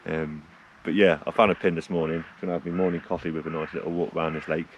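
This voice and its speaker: A man's voice: a bass voice, flat delivery, fast, a little hiss or hum. A middle-aged man from the UK talking casually to his camera outdoors on a road trip, rambling and laughing at himself. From United Kingdom. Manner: chatty, rambling, laughs often, self-deprecating. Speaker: vlogger on a van road trip. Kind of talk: casual vlog talk to camera. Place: outdoors by a lake, cold morning.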